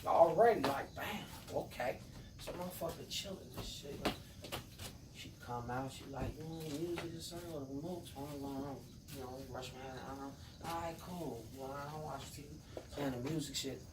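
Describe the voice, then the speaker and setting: A man telling a profane story to friends, acting out the quotes and swinging between loud and quiet. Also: on the high side, moderate pace. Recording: echoey room, far from mic, noisy.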